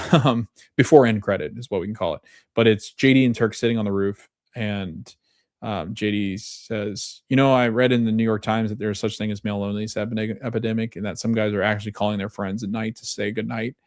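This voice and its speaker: A man's voice: fairly low pitch, steady tone, brisk, a little mellow, no echo, studio quality. A man hosting a podcast, retelling scenes in casual chat, reading quoted lines and often correcting himself. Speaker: podcast host.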